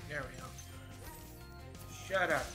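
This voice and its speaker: A man's voice: fairly high pitch, slow, music in the background. A man in his twenties casually commenting on a game he plays, swearing and rambling freely. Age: 20s. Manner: profane, rambling, chatty. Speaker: gameplay commentator. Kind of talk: casual let's-play commentary.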